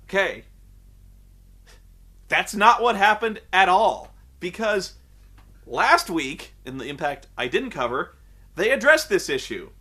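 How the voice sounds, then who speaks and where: A fairly high, bright-toned man rants in a casual review, and his pitch swings widely. He is sarcastic and swears freely, and he keeps wandering off on tangents before catching himself. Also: slow, long pauses, breathy edge. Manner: animated, profane, sarcastic, goes off on tangents. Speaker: wrestling show reviewer. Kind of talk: casual ranting commentary.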